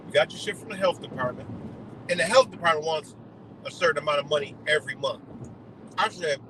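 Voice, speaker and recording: A man's voice: on the high side, quick pace, noisy background. A man on a live stream delivering a heated, profane rant full of rhetorical questions. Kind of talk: ranting monologue.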